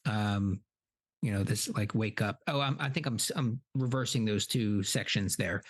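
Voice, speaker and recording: A man's voice: lowish voice, normal speed. A man hosting a casual comedy podcast, recapping a film in a rambling way with many ums and uhs.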